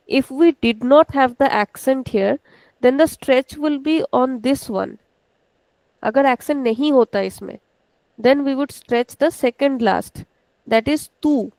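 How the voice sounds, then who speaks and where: A woman's voice: high-pitched, normal speed, a little mellow, no room sound, low-quality recording. A woman with an Indian English accent teaching a language class online, explaining step by step and correcting students. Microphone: video call.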